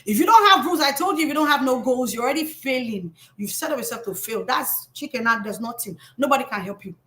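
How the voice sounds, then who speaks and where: A high-pitched Nigerian woman coaching her audience on money. Her delivery is animated and emphatic, scolding her listeners while keeping some humor. She sounds middle-aged and rises often for emphasis. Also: fast. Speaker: financial coach. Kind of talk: live motivational talk.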